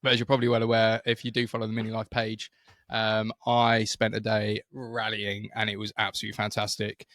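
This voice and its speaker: A British man co-hosting a relaxed podcast, telling a story with plenty of "um"s and restarts. His voice sits on the low side. The sound is close and dry, with no room around it. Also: brisk, dry recording. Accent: British English. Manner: chatty storyteller, many fillers and restarts. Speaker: podcast co-host. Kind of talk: casual podcast chat. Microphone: studio microphone.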